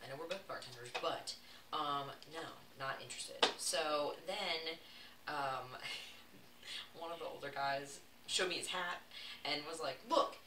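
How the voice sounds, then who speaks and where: A young Southern woman with a low voice chats and laughs through a story as she bakes. She is heard from some distance in an echoey room, with clear noise behind her. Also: a little slow. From Texas. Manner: chatty, laughing, playful asides. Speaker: vlog host. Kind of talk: casual storytelling while baking.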